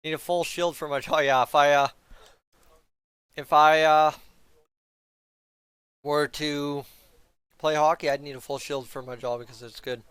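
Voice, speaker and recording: Bright-voiced, rambling male fan streamer. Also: fairly high pitch, level tone, unhurried, long pauses, clear, resonant tone, no room sound. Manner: rambling, talks to the chat, stumbles over names. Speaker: fan streamer reacting to a hockey game. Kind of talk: casual live-stream chat. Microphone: headset mic he flips up to mute.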